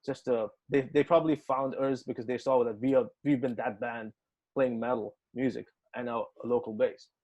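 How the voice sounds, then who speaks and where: Man, musician guest, casual interview chat, animated storytelling, acts out quotes. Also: mid-range voice, moderate pace. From United Arab Emirates.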